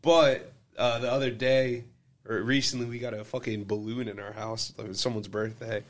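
A man in casual podcast chat, telling crude joking stories in an animated way. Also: medium pitch, moderate pace.

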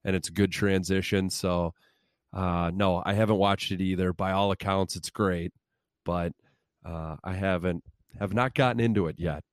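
Low-voiced man, casual podcast banter. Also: fairly even intonation, no echo, clean studio sound. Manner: rambling, self-deprecating, quick asides. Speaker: podcast co-host.

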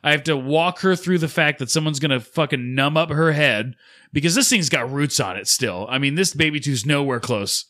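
A podcast co-host in his thirties tells a rambling, profane story in casual chat, acting out what others said. His voice is on the high side and sharp, at a moderate pace.

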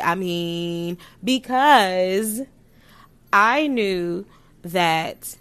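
A woman talking straight to her viewers as a vlogger, blunt and playful with plenty of slang and swearing. Her voice sits at an ordinary middle pitch. She swings from soft asides to loud, emphatic bursts. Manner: animated, sudden jumps in loudness. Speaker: vlogger giving sex advice. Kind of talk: casual chat to camera.

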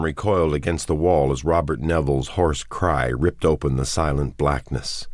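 A man narrating an audiobook in a measured, expressive reading. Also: rumbling low, dry recording, clean studio sound. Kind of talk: scripted narration.

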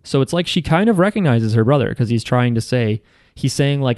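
A man's voice: medium pitch, expressive, a little fast, darkish tone, no echo, studio quality. A young man co-hosting a casual chat, recapping an anime episode in a rambling, sarcastic way with lots of fillers.

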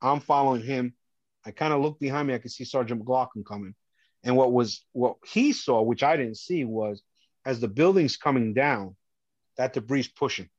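A middle-aged man, telling a personal story as a podcast guest, earnest and animated, often acting out what others said. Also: medium pitch, moderate pace, dry recording, muffled recording.

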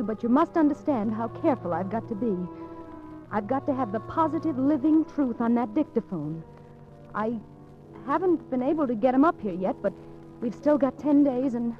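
A woman's voice: on the high side, lively intonation, normal speed, close to an everyday voice. A woman playing a determined young woman who secretly baits a suspected killer, in 1940s radio acting, breathless and stammering. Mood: earnest. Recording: dull lo-fi old radio recording, faint music.

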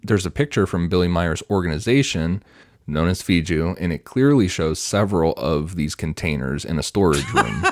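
Deep-voiced man reading podcast notes. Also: moderate pace, no echo, clean studio sound. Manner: reads prepared notes in an even, matter-of-fact way. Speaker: podcast co-host presenting research. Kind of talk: casual podcast, presenting notes.

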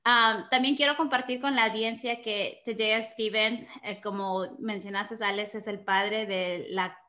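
A woman's voice: mid-range voice, steady tone, moderate pace, sharp tone. A woman hosting an interview in a mix of Spanish and English, earnest and heartfelt, an immigrant to the United States. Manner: earnest, gets emotional and laughs. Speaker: interview host. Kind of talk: bilingual interview chat.

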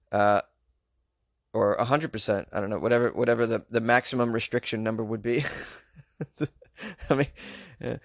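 A man's voice: medium pitch, gravelly, no room sound, clean studio sound. A man doing a casual comedic monologue, sarcastic and mocking as he reads and riffs on news items. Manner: sarcastic, mocking, chuckling asides. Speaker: comedic commentator.

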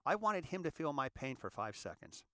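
Earnest sixty-year-old man, halting, dry sound. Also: fairly high pitch, big pitch swings, bright, forceful tone, dry recording. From California, US. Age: 60s. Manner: halting, repeats words, earnest. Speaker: show host. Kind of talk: confessional monologue.

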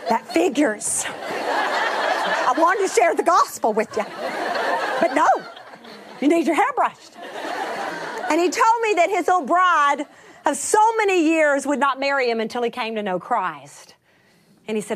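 A middle-aged woman telling a testimony as a sermon, animated, rising to laughing emphasis and dropping to hushed whispers. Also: a little high, normal speed, some chatter behind. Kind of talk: sermon storytelling.

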